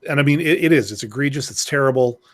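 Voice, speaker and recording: A man's voice: medium pitch, fast. A man co-hosting a podcast in casual political chat, rambling and searching for his words. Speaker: podcast co-host.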